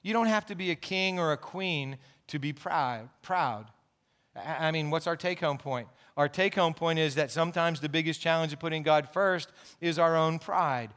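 A man's voice: on the high side, normal speed, a bit bright, smooth. A man pastor preaching a sermon in an earnest, explaining way, with asides and restarts.

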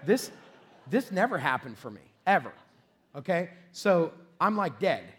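A middle-aged man preaches from the pulpit in a fairly high voice. He tells a self-deprecating story with plenty of laughter, then builds to shouted, excited peaks. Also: a little slow. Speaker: pastor. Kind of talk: storytelling sermon.

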